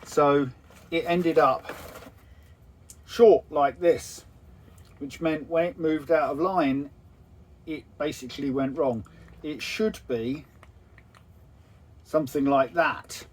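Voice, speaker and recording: A man calmly explaining engine parts in a casual, practical way aboard a narrowboat. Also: fairly high pitch, slow, long pauses. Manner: matter-of-fact, practical. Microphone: phone camera.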